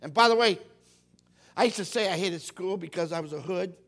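A middle-aged preacher with a high voice for a man. He preaches in a folksy, animated way, acting out the voices of the people he talks about. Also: brisk. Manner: folksy, animated, acts out quotes. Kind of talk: sermon.

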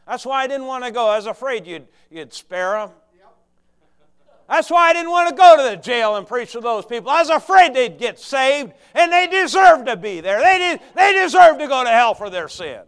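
A man voicing the prophet Jonah as bitter and indignant, complaining in a loud, raised voice. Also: extremely high pitch, very animated, normal speed, smooth, pitched above the performer's own voice, full character voice. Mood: resentful.

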